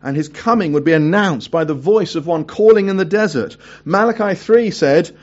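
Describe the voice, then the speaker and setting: Guy preaching a sermon, kinda high voice, reads scripture then chats in between, dull lo-fi sound. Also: moderate pace, darkish tone. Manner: chatty asides between scripture readings.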